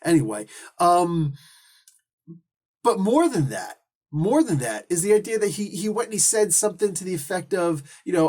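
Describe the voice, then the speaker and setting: A man giving a casual, rambling comic book review, full of restarts, asides and quick put-on voices for the characters. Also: high voice, very animated, darkish tone. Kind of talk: casual solo review monologue.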